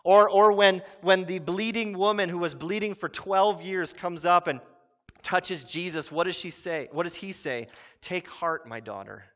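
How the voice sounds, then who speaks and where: Bright-voiced pastor preaching in a hall. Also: male voice, high-pitched. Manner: animated storytelling with quick voiced asides. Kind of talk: sermon. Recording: muffled sound in a reverberant hall.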